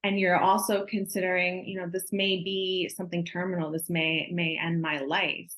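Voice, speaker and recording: Low-voiced, empathetic woman interviewer. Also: little pitch movement, a bit bright, poor audio. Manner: empathetic, measured questioning. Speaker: guest co-host. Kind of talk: podcast interview.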